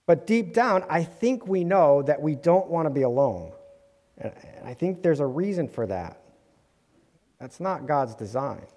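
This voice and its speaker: Man, sermon, earnest, slightly high voice, long church reverb. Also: sing-song, a little slow, dark tone. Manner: earnest, with light self-deprecating asides. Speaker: preacher. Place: church sanctuary.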